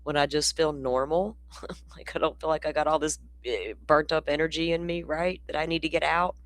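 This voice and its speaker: A woman's voice: deep voice, fairly even intonation, fairly quick, no room sound. Woman, livestream host, blunt and profane, rambling, yawning, dry close sound. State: yawning, sleepy. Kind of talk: casual livestream commentary.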